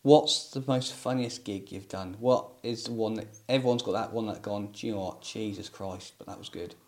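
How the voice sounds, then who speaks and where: A man hosting a casual interview, chatty and quick to agree with his guest. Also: fairly low pitch. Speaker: podcast host.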